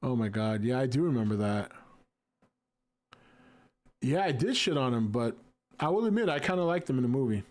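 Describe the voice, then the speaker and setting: A laid-back man in his forties chats casually on a livestream. He reads viewer comments aloud and answers them with easy jokes, at a middle pitch. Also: expressive, normal speed, long pauses, a little mellow. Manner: laid-back, jokey, reacts to chat. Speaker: livestream host reading chat. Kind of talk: casual chat.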